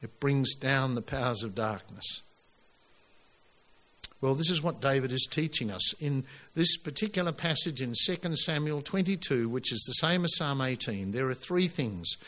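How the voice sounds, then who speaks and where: A man preaching a sermon to his congregation, emphatic and animated, pushing his voice up on key lines. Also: medium pitch, moderate pace. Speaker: pastor.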